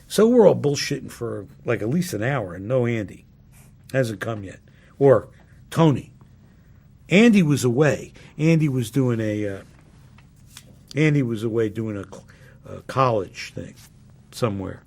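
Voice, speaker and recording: Male cast member, interview anecdote; gravelly, relaxed, rambling with many fillers. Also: mid-range voice, unhurried, long pauses. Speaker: sitcom cast member recalling a shoot.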